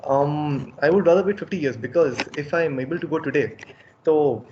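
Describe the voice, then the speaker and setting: A man's voice: a little high, moderate pace, darkish tone, highs cut off, a little hiss or hum. A man answering as a podcast guest, hesitant and thoughtful, with many ums. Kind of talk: casual podcast chat.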